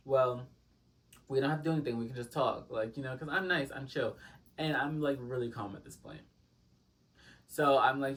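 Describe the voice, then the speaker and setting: A young man spills a gossipy story in casual chat, packed with fillers and quick asides. His voice sits at a medium pitch and sounds a little distant from the mic. He swings between quoted back-and-forth and commentary in an animated, chatty way.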